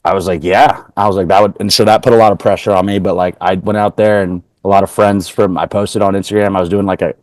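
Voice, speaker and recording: Male comedian guest from Portland, lowish voice, dry close sound, rambling storyteller acting out quotes. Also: fairly even intonation, fast talker, few pauses, no room sound. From Portland, Oregon. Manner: chatty, heavy use of "like", retells exchanges in quoted voices. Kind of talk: casual interview storytelling.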